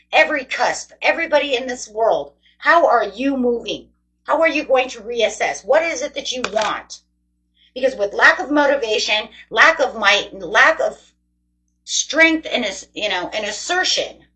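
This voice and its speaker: A woman's voice: a little high, pushed and bright, rough recording. A woman giving a casual tarot reading to her viewers, chatty, rambling and encouraging. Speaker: tarot reader.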